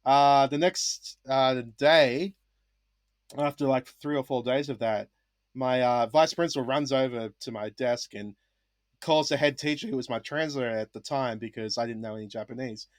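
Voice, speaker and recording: A man's voice: medium pitch, moderate pace, dry recording, studio quality. A young man from Australia, a former English teacher, telling a story in a casual podcast chat and acting out the lines of the people in it. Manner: animated, acts out past dialogue.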